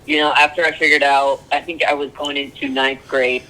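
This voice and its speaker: A young man sharing his story as a podcast guest, earnest and halting, with frequent ums. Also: medium pitch, flat delivery, sharp tone, rough recording. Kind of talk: candid personal interview.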